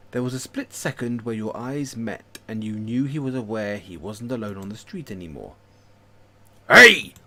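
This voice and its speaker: A man streaming himself reading a story game aloud, narrating in an expressive way with self-mocking asides. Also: mid-range voice.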